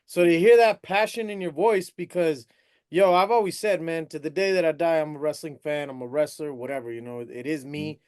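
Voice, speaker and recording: A man's voice: fairly high pitch, brisk, darkish tone, clear, resonant tone, dry recording, studio quality. A man who wrestles, a guest in a casual chat, speaking earnestly and from the heart.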